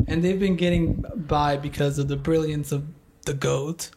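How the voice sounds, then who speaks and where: A man's voice: a little high, fairly even intonation, normal speed, a little mellow. Rambling young man swearing through a story. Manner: rambling, heavy use of "like", swears a lot. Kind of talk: casual chat.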